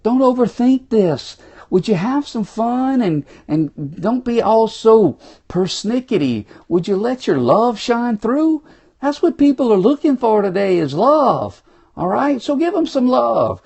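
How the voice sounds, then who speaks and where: A man's voice: very high voice, big pitch swings, a little slow, creaky, darkish tone. A man from South Louisiana with a Cajun accent, giving a folksy, exuberant motivational talk to viewers on a phone livestream from a small room. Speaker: motivational speaker. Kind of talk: live-streamed motivational talk.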